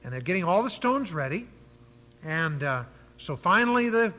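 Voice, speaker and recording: Bright-voiced preacher in a dull echoing hall. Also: male voice, high voice, sing-song, normal speed. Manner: storytelling Bible teaching with frequent fillers. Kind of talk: sermon. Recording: dull lo-fi church hall recording.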